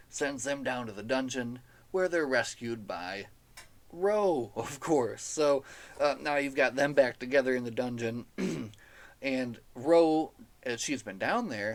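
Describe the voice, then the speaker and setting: A man talks through a book he clearly enjoyed, in a relaxed, chatty recap. He sounds enthusiastic and amused, with a mid-range voice that is neither high nor low. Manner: enthusiastic, chatty, laughs at the story. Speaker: podcast host reviewing a novel.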